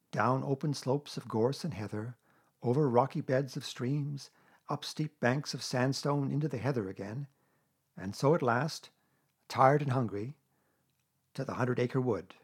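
A man reading a classic children's story aloud, gentle and measured. His voice is husky and sits at a middle pitch. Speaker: narrator.

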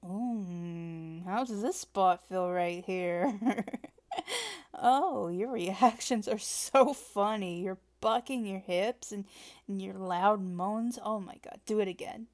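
A woman's voice: mid-range voice, slow, a little mellow. A woman in a whispered role-play, teasing and playful, laughing often and cracking corny jokes. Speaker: audio role-play performer.

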